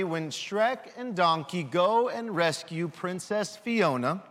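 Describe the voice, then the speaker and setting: A man giving a children's sermon, lively and full of questions for the kids. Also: sits high, in a large hall. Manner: animated, asks children questions.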